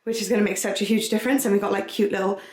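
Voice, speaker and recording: A woman's voice: medium pitch, fairly even intonation, rapid-fire, a little mellow. A young pregnant woman chatting casually to camera as she walks round her house, bubbly and giggly, now and then short of breath. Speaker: vlogger. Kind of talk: casual vlog chat. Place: home, walking between rooms. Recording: echoey house rooms.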